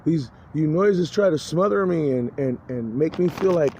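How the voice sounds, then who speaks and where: A man's voice: on the high side, expressive, normal speed, a little mellow. A man giving a rambling, agitated personal monologue, cursing and stumbling through many restarts. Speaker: vlogger. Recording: dull lo-fi recording, faint noise.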